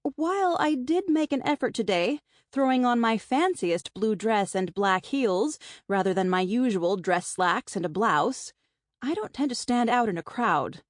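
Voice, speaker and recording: A woman's voice: fairly high pitch, lively intonation, measured pace, no echo. A woman reading a first-person novel aloud in a wry, conversational way, close to the mic. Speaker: audiobook narrator. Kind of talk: first-person scripted narration. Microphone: close studio mic.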